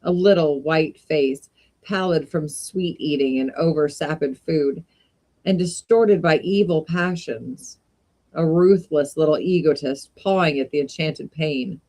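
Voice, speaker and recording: A woman reading a classic short story aloud in an unhurried way, with brief casual asides. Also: low-pitched, mellow. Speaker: reader of short stories.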